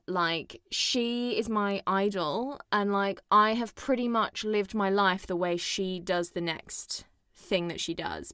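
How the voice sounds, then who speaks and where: A woman's voice: mid-range voice, no echo, clean studio sound. A young woman co-hosting a podcast, chatting casually and animatedly about a film, acting out scenes and swearing now and then. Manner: animated, swears, dramatic retellings. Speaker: podcast co-host.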